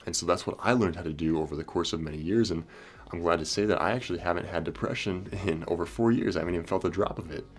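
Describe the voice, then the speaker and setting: Very low-voiced earnest young man. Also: fast. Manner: earnest, repetitive "he's like" storytelling. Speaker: self-help video host. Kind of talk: motivational talk with storytelling.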